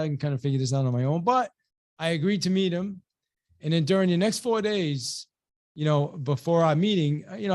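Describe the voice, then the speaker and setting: Animated male storyteller, higher voice. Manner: animated storyteller acting out both sides of a dialogue; repeats words and restarts often. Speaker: webinar host and real estate coach. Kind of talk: motivational storytelling webinar.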